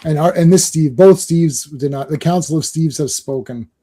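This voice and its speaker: This man from Canada hosts a laid-back podcast conversation, spinning stories with frequent laughter and repeated words. He speaks at a moderate pace in a slightly high voice.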